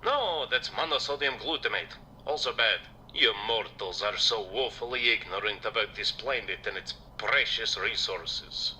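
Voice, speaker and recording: A man's voice: on the low side, normal speed, hardly any pauses, bright, forceful tone, a little hiss or hum, low-quality recording. A man voicing a preachy, smug male vampire in a video game who lectures in a theatrical way. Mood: lecturing.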